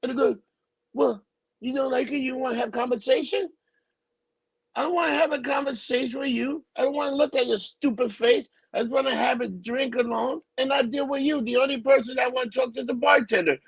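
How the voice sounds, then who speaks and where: Gravelly husky man venting bluntly. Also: very high-pitched, steady tone, fast talker, few pauses, dry recording, rough recording. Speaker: podcast co-host. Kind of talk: casual chat.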